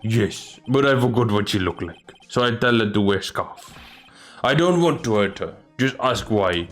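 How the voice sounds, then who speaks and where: A man voicing a desperate, grieving convict who speaks in halting, broken English. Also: fairly low pitch, lively intonation, fairly bright tone, faint music behind. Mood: mournful.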